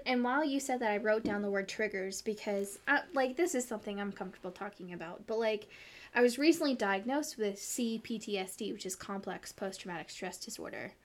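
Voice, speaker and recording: Playful woman with a slightly high voice. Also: fairly quick. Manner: playful and teasing, laughs often. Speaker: podcast co-host. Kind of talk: casual chat.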